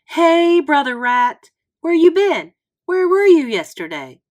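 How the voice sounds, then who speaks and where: A woman's voice: sits high, very animated, slow, voice pushed up, full character voice. A woman voicing a fourth-grade boy trying to act tough, talking with a breezy, swaggering cool, in a storybook read-aloud. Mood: bragging.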